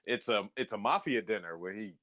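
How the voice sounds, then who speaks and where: A man's voice: lowish voice, expressive, fairly quick, fairly bright tone. A man casually chatting about movies on a podcast, wry and jokey, swearing freely. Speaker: podcast co-host.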